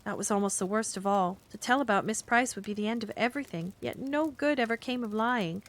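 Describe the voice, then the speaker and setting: A woman reads a bedtime story aloud in a gentle, unhurried manner, her voice mid-pitched and even. She narrates steadily for a cozy stream, now and then chatting between passages. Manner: gentle, calm storytelling with asides to chat. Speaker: streamer reading a book aloud.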